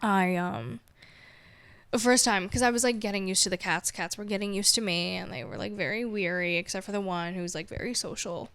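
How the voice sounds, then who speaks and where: A woman's voice: mid-range voice, fairly quick, fairly bright tone. A woman hosting her own podcast, chatting casually in a rambling, self-mocking way and laughing often. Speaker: podcast host. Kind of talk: casual solo chat.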